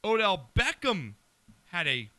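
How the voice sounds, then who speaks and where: A man hosting a sports talk show, excitable and playful, chatting casually with co-hosts. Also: sits high, takes it slowly, no room sound. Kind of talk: casual sports radio chat.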